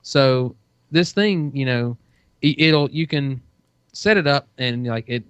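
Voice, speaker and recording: A man's voice: medium pitch, slow, clear, resonant tone, dry recording. A man in casual podcast chat, telling a long story with plenty of "you know" and "uh". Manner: rambling storytelling, many fillers. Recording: dull dry lo-fi sound.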